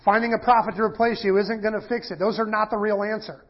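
Speaking fast in a high-pitched, slightly rough voice with a steady tone, a preacher reads scripture aloud and explains it conversationally. His sermon is full of fillers and restarts, and the recording quality is dull and lo-fi.

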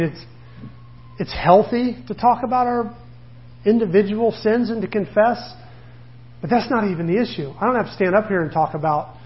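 A middle-aged male pastor gives a sermon in a loose, conversational way, acting out the voices of the people he talks about. His voice sits high for a man. The recording sounds dull and a little lo-fi.

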